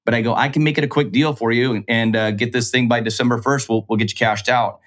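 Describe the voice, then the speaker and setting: A quick-talking man spinning a business story in a relaxed, chatty way. He rattles off the numbers and slips into the voices of the other people in the story as he quotes them. His pitch sits in the middle range. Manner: animated, acts out quoted dialogue. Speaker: real estate investor guest. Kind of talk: casual storytelling.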